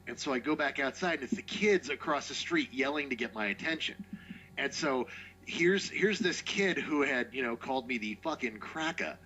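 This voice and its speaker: A man telling a long anecdote on a casual podcast, animated and profane, acting out what people said. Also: medium pitch, highs cut off. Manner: animated, profane, acts out quotes. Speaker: podcast co-host. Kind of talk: casual storytelling.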